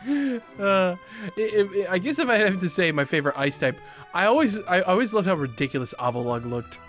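A man casually chatting while playing a video game, moving from low mumbles to excited outbursts. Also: fairly quick, soft background music. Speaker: gaming video host. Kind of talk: casual let's-play commentary.

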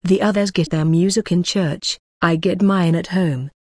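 A woman's voice: fairly low pitch, steady tone, normal speed, darkish tone, breathy edge, dry recording, studio quality. A woman reading the part of a persuasive middle-aged male artist who talks in a chummy, coaxing way.

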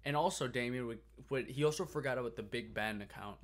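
A man's voice: mid-range voice, quick pace. A man co-hosting a podcast in casual chat, talkative, swearing freely and slipping into silly voices. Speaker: podcast co-host.

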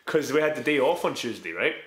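A man's voice: mid-range voice, fast. Laughing man telling a story, roomy echo. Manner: laughing, animated anecdote with profanity. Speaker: podcast co-host, karate student. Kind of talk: casual storytelling chat.

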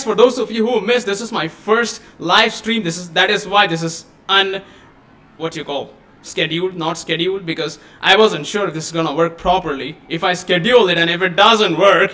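A young man with a high voice walks through a program on his computer in a casual live-stream tutorial. He talks loosely and thinks aloud as he clicks, close to a desk microphone. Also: sharp tone. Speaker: software tutorial host.

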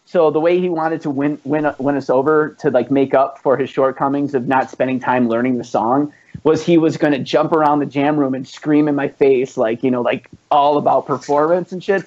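A man's voice: mid-range voice, steady tone, moderate pace, a little mellow. A man, a band's founding musician, telling rambling, profanity-laced stories with laughs in a casual chat. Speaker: band founder and musician, guest. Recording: muffled lo-fi podcast recording.

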